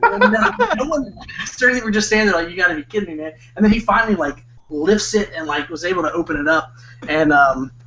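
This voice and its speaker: A man's voice: high-pitched, expressive, a little fast, sharp tone. A young man telling a story in casual podcast chat, rambling and leaning on "like". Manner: rambling, heavy use of "like", bursts of laughter. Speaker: podcast co-host. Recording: dull lo-fi podcast audio.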